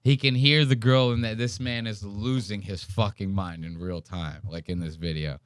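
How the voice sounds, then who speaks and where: A man's voice: fairly low pitch, fairly even intonation, moderate pace, clean tone, no echo, studio quality. A young man hosting a podcast, reacting to a video in a rambling, profane and incredulous way. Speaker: podcast host. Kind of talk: casual commentary reacting to a video.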